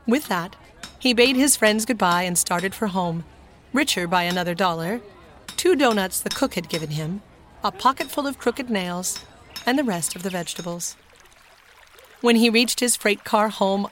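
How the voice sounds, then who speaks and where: A woman narrating a children's storybook in a clear, steady manner. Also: mid-range voice, a little hiss or hum. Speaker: audiobook narrator.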